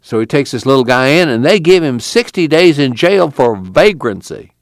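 A man's voice: medium pitch, sing-song, moderate pace, dry recording, studio quality, voice pushed up. Man playing a tubby, cussing migrant. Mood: indignant. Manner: rambling, profane storyteller. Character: tubby, talkative male migrant worker.

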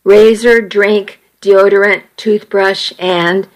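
A woman reading the part of a teasing, know-it-all young woman, matter-of-fact and challenging, in a slow unhurried delivery. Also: medium pitch, fairly even intonation, close to an everyday voice, rough recording.

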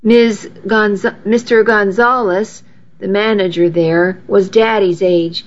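A woman's voice: mid-range voice, steady tone, slow. A woman narrating a first-person story in an earnest, storytelling way, on a dull lo-fi recording. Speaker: audiobook narrator.

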